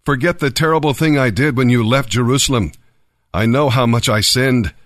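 A man's voice: mid-range voice, normal speed, fairly bright tone, no room sound, clean studio sound, close to an everyday voice. A man reading scripture aloud, voicing a repentant man who pleads with a king for forgiveness. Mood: pleading. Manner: pleading, urgent.

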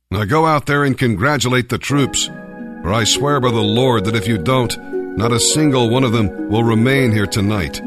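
A man's voice: mid-range voice, natural voice. A man reading the lines of a stern, blunt army commander in a firm, rebuking way.

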